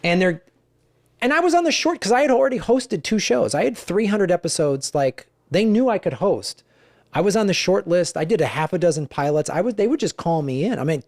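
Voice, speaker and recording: A middle-aged man, a guest comedian, telling stories in conversation, animated and profane, acting out the dialogue. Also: sits high, fairly quick, no echo, studio quality. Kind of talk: conversational storytelling.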